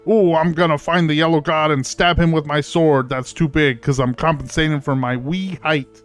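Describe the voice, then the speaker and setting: Brief: man doing a wee hopping-mad mouse knight, blustering and huffy, a bit high. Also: fairly even intonation, normal speed, faint music behind, close to an everyday voice. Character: tiny hot-tempered male mouse swordsman.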